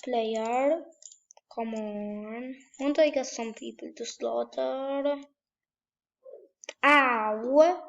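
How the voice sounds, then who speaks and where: A young woman giving casual commentary while playing a shooter game, muttering to herself and bursting into yells and trash talk. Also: fairly high pitch, very slow, vocal fry, long pauses, highs cut off. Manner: animated, trash-talking, bursts of yelling. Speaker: gamer.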